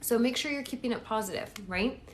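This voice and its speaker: A woman's voice: on the high side, brisk, slight background noise. A woman coaching viewers on a casual live stream, chatty and encouraging, checking in with "okay?" and "right?" as she goes. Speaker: manifestation coach.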